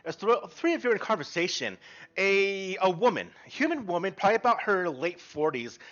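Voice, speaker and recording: A man narrating a tabletop game as game master, describing scenes in an animated way with frequent ums. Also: high-pitched, a little fast, muffled recording.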